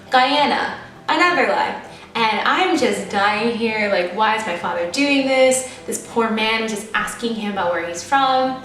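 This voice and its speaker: A woman's voice: medium pitch, fairly bright tone, recorded from a distance. Chatty American woman in an echoey room. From United States. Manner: candid, chatty, self-deprecating. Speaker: vlogger. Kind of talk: casual storytelling to camera. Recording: echoey room, voice off-mic, faint music. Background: faint background music.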